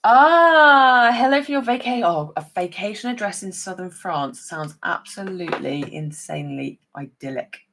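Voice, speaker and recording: A woman's voice: on the low side, normal speed, few pauses, slight background noise. A woman demonstrating papercraft on a chatty live stream, talking to her viewers by name as she works. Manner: chatty, talks to viewers by name while working.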